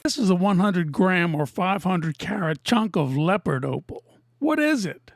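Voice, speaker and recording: A woman who cuts and sells opals, narrating her workshop video in a deadpan, teasing way. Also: on the low side, moderate pace, creaky, dry recording, clean studio sound. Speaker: opal cutter and seller. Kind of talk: narrated lapidary video with jokes.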